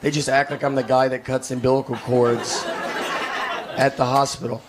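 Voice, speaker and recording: A man from Tennessee, doing self-deprecating stand-up comedy in a deadpan way on a stage. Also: mid-range voice, normal speed, background noise. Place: comedy stage with a live audience. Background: audience laughter.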